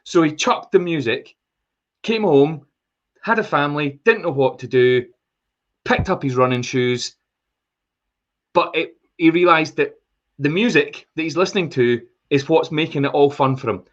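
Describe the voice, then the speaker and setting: Excitable man, slightly lo-fi. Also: fairly high pitch, normal speed, pauses often. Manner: excitable, enthusiastic storyteller. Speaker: podcast co-host. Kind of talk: casual chat.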